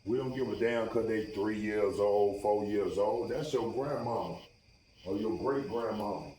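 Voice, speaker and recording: A man's voice: fairly low pitch, measured pace, mellow, a little hiss or hum, rough recording. A man in a casual, profane monologue, rambling and preachy with heavy slang. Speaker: vlogger.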